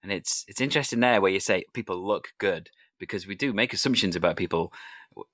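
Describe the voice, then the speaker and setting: A man with a lowish voice hosts a relaxed interview, recorded dry and close. He tells anecdotes and slips into the voices of the people he quotes. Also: fast, no room sound. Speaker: podcast host interviewing an improviser. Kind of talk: casual conversational interview.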